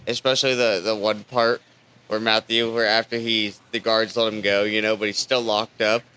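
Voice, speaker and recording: A man's voice: on the low side, little pitch movement, normal speed, pushed and bright, clear, resonant tone. A man co-hosting a casual podcast chat, telling stories with laughs and swearing. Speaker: podcast co-host.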